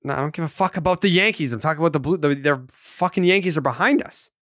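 A man's voice: fairly high pitch, quick pace, fairly bright tone, no room sound, clean studio sound. A man co-hosting a sports podcast in casual, profane, needling banter. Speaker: podcast co-host.

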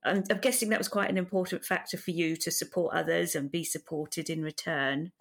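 A woman hosting a podcast, asking her guest questions in a supportive, measured way. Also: on the low side, fairly even intonation. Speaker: podcast host. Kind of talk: conversational interview.

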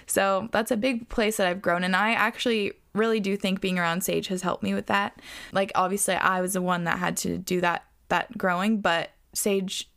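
Chatty young woman podcaster, gravelly. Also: mid-range voice, steady tone, normal speed, fairly bright tone. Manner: chatty, reflective, lots of "like". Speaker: podcast host. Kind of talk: casual solo podcast talk.

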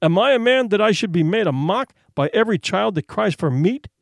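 A man voicing an angry older hunter who demands answers in a loud, indignant way. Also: sits high, lively intonation, a little fast, vocal fry, no echo, studio quality, pitched above the performer's own voice.

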